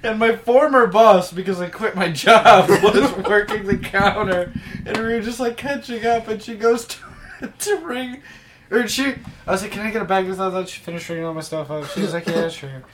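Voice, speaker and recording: A man's voice: high voice, moderate pace, noisy background. A young man co-hosting a casual podcast, telling jokes in a dry way. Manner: dry, joking delivery. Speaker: podcast co-host. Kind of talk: casual chat.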